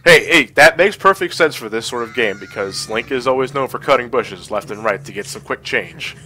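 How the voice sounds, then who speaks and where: Stream host, male, congested from a cold, lively bright delivery, chatty, faint music behind. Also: mid-range voice, a little fast, poor audio. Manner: chatty, laughs often, reads chat aloud. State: stuffy from a cold. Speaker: livestream host. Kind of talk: casual gameplay commentary.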